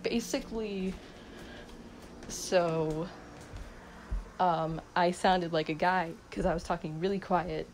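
A woman's voice: lowish voice, steady tone, slow, pauses often, darkish tone, slight background noise, low-quality recording. Giggly young woman rambling sleepily. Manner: giggly, self-mocking, mumbling. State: sleep-deprived, up all night. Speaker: vlogger. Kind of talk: rambling unscripted monologue. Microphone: phone mic.

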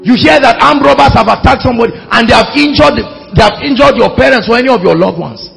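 A man preaching a sermon, switching between fiery shouts and hushed tones. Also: very high voice, quick pace, creaky. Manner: fervent, shouting and dropping to hushed tones, acting out quoted voices. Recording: large hall reverb with faint music.

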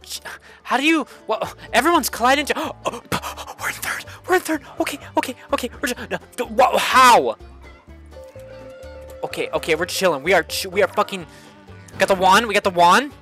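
A man's voice: high voice, expressive, normal speed, pushed and bright. A young man giving frustrated, swearing commentary while playing a kart racing game, repeating himself often. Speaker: gaming streamer. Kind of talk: live gameplay commentary. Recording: game music playing behind.

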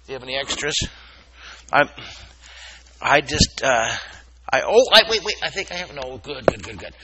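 A man leading a live drawing lesson at a school assembly, animated and playful, coaxing the children to repeat words after him. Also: mid-range voice, normal speed, highs cut off, noisy background. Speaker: drawing teacher.

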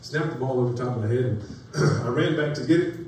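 A man's voice: medium pitch, quick pace, darkish tone. A man preaching a sermon in a folksy way, telling stories and building to rising emphasis. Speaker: pastor. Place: church sanctuary. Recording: echoey church room from far off, faint noise.

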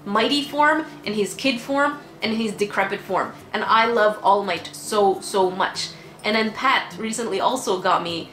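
Young woman vlogger, sick and tired but chatty, laughs a lot, mid pitch, echoey room. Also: a bit bright. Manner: chatty and emotional, laughing often. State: unwell, tired. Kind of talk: casual chat. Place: bedroom at home. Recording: echoey room with faint music.

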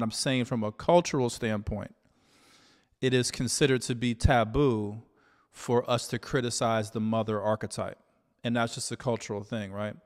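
A man with a smooth, resonant voice at a middle pitch talks in a measured, reflective way, often pausing on "you know." His voice carries a long reverb tail, as if the room rings after each phrase. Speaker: relationship coach. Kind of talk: solo talk to camera.

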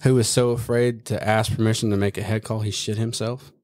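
A man's voice: on the low side, little pitch movement, brisk, darkish tone. A man in his thirties, a Marine staff sergeant telling stories in a casual podcast chat, swearing a lot and laughing as he talks.

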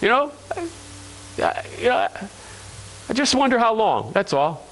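A man's voice: high-pitched, very animated, unhurried, a bit bright, slight background noise, rough recording. A male pastor preaching a sermon to his congregation, earnest and repeating phrases for emphasis, calling listeners friends.

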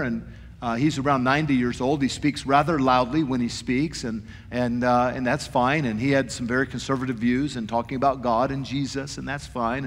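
A man's voice: medium pitch, long reverb tail. A man preaching a sermon as pastor, telling a personal story earnestly and quoting dialogue with repeated "I said". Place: church sanctuary.

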